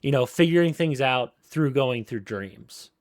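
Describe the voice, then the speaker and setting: A man's voice: medium pitch, expressive, measured pace, no echo, clean studio sound. A man co-hosting a casual gaming podcast, rambling with lots of fillers and restarts. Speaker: podcast co-host.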